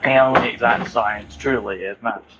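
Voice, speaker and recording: A man's voice: mid-range voice, steady tone, moderate pace, fairly bright tone, a little hiss or hum. Guy co-hosting a podcast, bantering and swearing while baking, a bit lo-fi. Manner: joking, swears casually. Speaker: podcast co-host. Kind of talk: casual kitchen banter.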